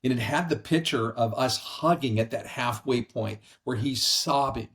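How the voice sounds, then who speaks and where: Middle-aged man, earnest storyteller, conversational, mid-pitched voice. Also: normal speed. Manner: earnest, animated storyteller acting out quoted voices. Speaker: podcast guest. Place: brother-in-law's house.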